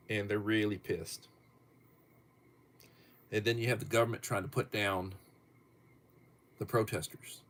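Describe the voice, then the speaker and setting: A man's voice: lowish voice, a bit bright. A middle-aged man hosting a casual livestream, reading topics aloud with chuckles. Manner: slow, chuckling, reads viewer topics aloud. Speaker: livestream host.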